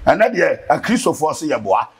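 A man with a Ghanaian accent, a guest preacher in an interview, talking in an animated, preachy way that bursts into shouting. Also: on the high side, normal speed, a little hiss or hum. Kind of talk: impassioned interview talk mixing Twi and English.

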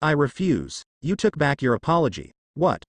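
A man's voice: fairly high pitch, huge pitch swings, moderate pace, no echo, clean studio sound. A man voicing a smug, teasing teen girl. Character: smug, playful teenage girl classmate.

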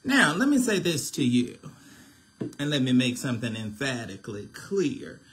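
A man's voice: mid-range voice, big pitch swings, moderate pace, a bit bright. A man, hosting a casual phone livestream as a minister, chatty and preachy, often laughing.

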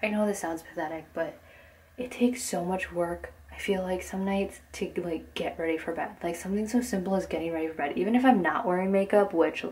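Speaking briskly in a lowish, darkish voice with a breathy edge, a young mother rambles through a casual home vlog at night. She holds the camera herself and fills her talk with "like" and "um."

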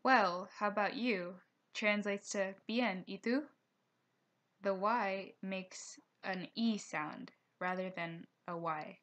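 Woman narrating a slideshow lesson. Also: medium pitch. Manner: reads slides aloud at a steady pace, with careful slowed pronunciation notes. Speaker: teacher.

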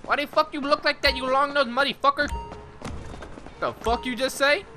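A man giving casual gameplay commentary, excitable and whooping, with lots of cursing and trash talk. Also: extremely high pitch, moderate pace. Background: game music and car sounds.

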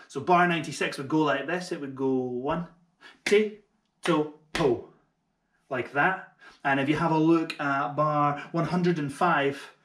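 A man teaching a double bass lesson online, who explains each step in an encouraging way and makes light jokes at his own expense. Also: a bit bright, roomy sound, a little hiss or hum. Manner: friendly and encouraging, with light self-mocking jokes. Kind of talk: online music tutorial.

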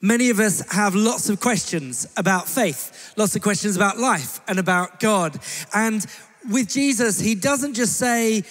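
Male pastor, slow measured sermon, echoey church hall, soft music behind. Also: high voice. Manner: steady, measured, lightly humorous.

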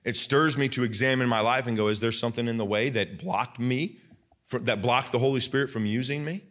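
Young male pastor, sermon delivery, emphatic rising bursts, restarts mid-sentence; mid-pitched. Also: a little fast, fairly bright tone. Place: church sanctuary.

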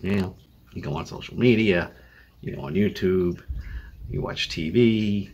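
The recording is lo-fi with a little hiss or hum, capturing a low, darkish voice at a measured pace. An older man with a Boston accent, a vlogger with chronic illness, talks tiredly and rambles through a casual home video update on his phone webcam, restarting often and leaning on fillers.

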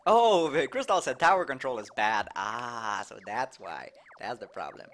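Excitable Québécois man streaming games. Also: medium pitch, a little hiss or hum. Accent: Québécois French. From Quebec, Canada. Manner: excitable, laughs often, quick reactions. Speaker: game streamer. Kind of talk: live gameplay commentary, reading chat aloud.

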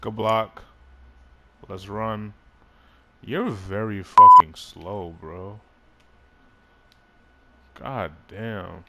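A man casually commenting on his own basketball video game, excitable, swearing and laughing at himself. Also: fairly low pitch, very slow, pauses often, noisy background. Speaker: gaming YouTuber.

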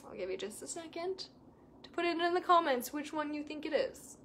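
A woman's voice: sits high, expressive, fairly quick, a bit bright, a little hiss or hum. A young adult woman coach chatting casually with viewers in an enthusiastic, emphatic way. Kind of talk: casual live chat to viewers.

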